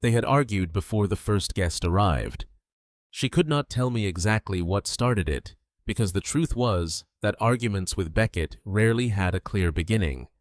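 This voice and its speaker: Low, steady older male narrator. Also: normal speed, no echo, studio quality. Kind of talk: scripted first-person narration.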